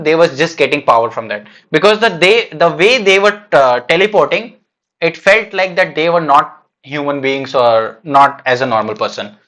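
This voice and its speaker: A man with a slightly high, somewhat bright voice streams a live reaction to a manga chapter. He thinks aloud casually and hesitantly, with plenty of fillers and restarts.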